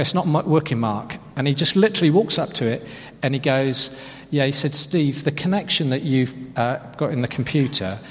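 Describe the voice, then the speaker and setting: A man's voice: medium pitch, in a large hall. A man preaching a sermon, telling a self-mocking story and stressing key phrases. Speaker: pastor.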